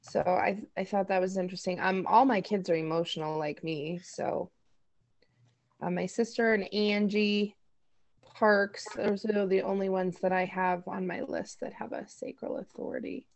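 A woman's voice: medium pitch, steady tone, moderate pace, creaky, darkish tone. Easygoing woman co-host chatting. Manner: easygoing, laughs easily, thinks aloud. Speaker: podcast co-host. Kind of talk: casual chat.

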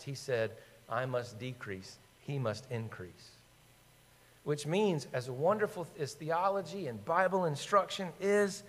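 A man's voice: fairly high pitch, fairly bright tone. Man preaching in a reverberant hall. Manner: emphatic, rhetorical questions, quotes scripture. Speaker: pastor. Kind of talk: sermon.

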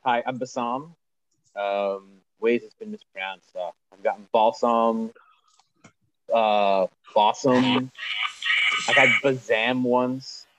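A man's voice: lowish voice, measured pace, a bit bright, dull audio. Man, panelist, video call, casual, good-humored, faint hiss.

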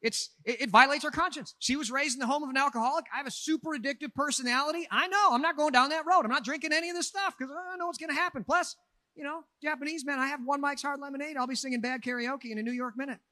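A man preaching a sermon as pastor, in an animated, conversational way with humorous asides. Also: very high-pitched, quick pace, no echo.

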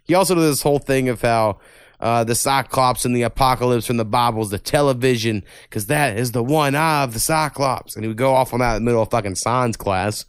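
Guy hosting a podcast, swears a lot, rambles on through stories, smooth clear voice, dead dry sound. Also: mid-range voice, fairly quick, no echo. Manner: profane, rambling storyteller. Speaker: podcast host. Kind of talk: casual chat.

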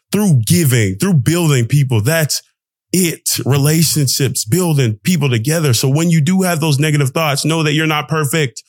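A man's voice: on the high side, no room sound. Dry, rambling young male podcast host. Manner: rambling, emphatic, swears for emphasis. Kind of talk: casual motivational monologue.

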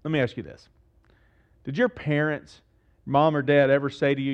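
A middle-aged man preaching a sermon as pastor, animated and acting out the voices in his stories. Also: medium pitch, normal speed, highs cut off.

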